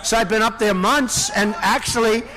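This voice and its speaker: A man's voice: high-pitched, normal speed, pushed and bright. A man giving a campaign rally speech, boastful and rambling, with many asides to the audience. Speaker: political candidate.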